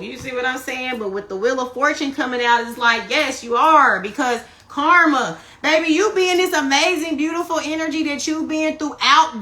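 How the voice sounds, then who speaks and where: A woman giving a casual spiritual tarot reading on a phone live stream, animated and profane, who keeps checking in with her listeners. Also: high-pitched. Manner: animated, profane, keeps asking "you see what I'm saying". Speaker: tarot reader.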